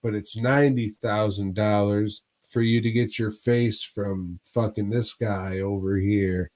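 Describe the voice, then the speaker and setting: A man's voice: fairly low pitch, fairly even intonation, unhurried, darkish tone, natural voice. A man putting on the voice of a comical German surgeon with a monocle, quoting prices. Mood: breezy.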